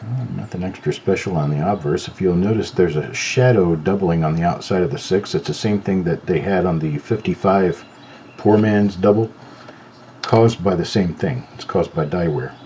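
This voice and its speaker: Over a muffled recording with slight background noise, a middle-aged man hosts a live show in an easygoing, chatty way, inspecting coins one at a time. His voice is low and dark, at a moderate pace. There's no southern accent; he isn't from North Carolina.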